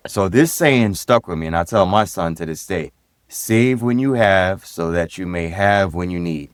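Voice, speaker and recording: A middle-aged man from Brooklyn with a New York accent, a guest telling relaxed stories about his upbringing in an interview. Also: deep voice, normal speed, clean tone, dry recording. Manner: easygoing, reflective, repeats phrases. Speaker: guest, retired police lieutenant and DJ. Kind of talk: casual interview storytelling.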